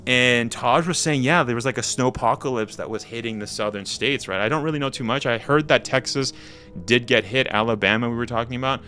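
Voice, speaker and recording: A man's voice: mid-range voice, a little fast, bright, forceful tone, faint music behind. A young man from Canada chatting casually with his live-stream audience, slangy and rambling as he reads the chat. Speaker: game streamer.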